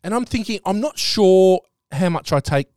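Recorded with studio quality and no room sound, a high-pitched middle-aged Australian podcast co-host speaks at a moderate pace. Animated in casual conversation, he gets more worked up as his story goes on, and his voice leaps upward when he does.

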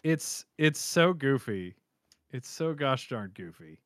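A man co-hosting a casual chat, animated and laughing often as he acts out characters' lines. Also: mid-range voice, slow, dry recording, studio quality. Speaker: podcast co-host reacting to an anime episode.

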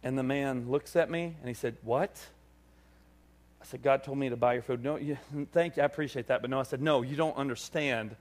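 Man, pastor, sermon delivery; animated storyteller who acts out dialogue; mid-range voice. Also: medium pitch, a little fast. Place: church service.

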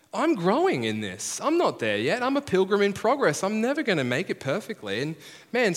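A man's voice: on the high side, a bit bright. A man preaching a conversational, self-deprecating sermon as pastor, acting out the voices he quotes. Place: large heritage church hall. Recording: long hall reverb.

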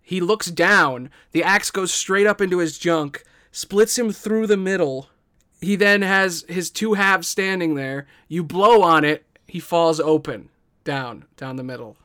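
A man's voice: high-pitched, measured pace, fairly bright tone, clean tone, dry recording, studio quality. A man narrating a tabletop game as game master, in a playful way with frequent laughter.

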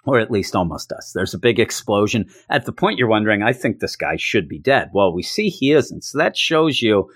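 A man casually recapping a comic book issue, chatting loosely and acting out the characters in quick put-on voices. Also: lowish voice, animated, fairly bright tone, no room sound, studio quality.

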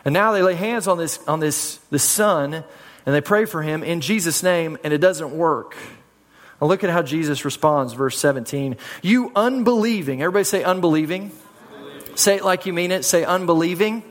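A man's voice: on the high side, brisk. A man preaching a sermon in a conversational way, often repeating words and calling on the congregation to answer back. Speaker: pastor. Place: church sanctuary. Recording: hall reverb.

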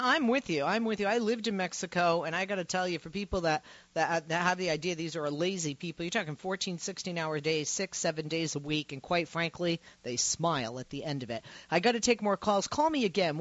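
A woman's voice: fairly low pitch, a little fast, no room sound. A woman hosting a call-in radio show, talking earnestly with many restarts and agreeing with her callers. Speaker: radio talk show host. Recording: dull radio broadcast sound, dry.

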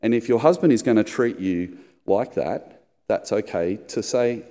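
Pastor preaching in a reverberant hall. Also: male voice, expressive, moderate pace, warm tone. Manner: storytelling, acts out squeaky high voices in anecdotes. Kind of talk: sermon. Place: church hall.

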